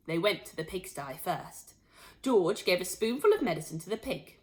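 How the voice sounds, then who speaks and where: A woman teacher reading a storybook aloud to children, expressive and pointing out the pictures as she goes. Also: lowish voice, normal speed. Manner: expressive, shows pictures to listeners.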